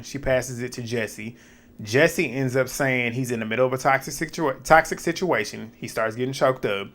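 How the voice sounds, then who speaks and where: A man talks through a reality show episode in casual recap style. His pitch sits mid-range, and he is animated and opinionated, laughing often and jumping into high mocking quotes.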